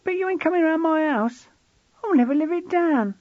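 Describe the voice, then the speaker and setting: A man's voice: very high voice, animated, moderate pace, no room sound, lo-fi sound, voice pushed up. A man voicing a frightened, sullen teenage schoolboy who whines and stammers. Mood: panicky. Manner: whiny, panicky, stammering.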